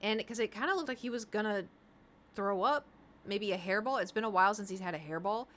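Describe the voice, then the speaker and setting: A woman's voice: medium pitch, brisk, a bit bright. A woman streamer chatting casually, telling rambling stories and talking to her cat.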